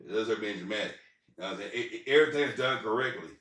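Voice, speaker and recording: A man's voice: lowish voice, expressive, a bit bright. A man telling rambling personal stories in a casual, profane way, often stumbling and restarting his sentences. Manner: halting, repetitive restarts and profanity. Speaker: vlogger. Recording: roomy sound, far from the mic.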